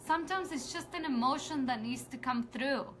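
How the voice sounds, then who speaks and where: A woman speaks straight to her online viewers in a casual live stream, earnest and heartfelt. Her voice is bright and forceful and sits a little high, and she rambles and restarts her sentences before rallying her audience with rousing calls to action. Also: moderate pace, a little hiss or hum. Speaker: women's empowerment coach hosting a live video.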